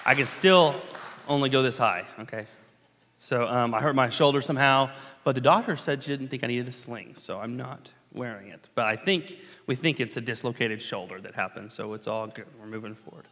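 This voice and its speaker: A man in his thirties, a pastor telling a personal story in a relaxed, conversational sermon with many fillers and restarts. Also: medium pitch, fairly quick. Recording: long hall reverb.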